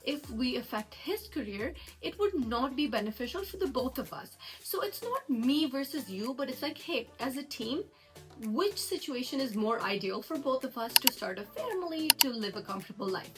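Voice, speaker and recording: A woman's voice: high-pitched, big pitch swings, normal speed, low-quality recording. A young woman, a relationship coach, giving chatty, earnest and upbeat advice in a casual vlog, laughing easily. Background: background music.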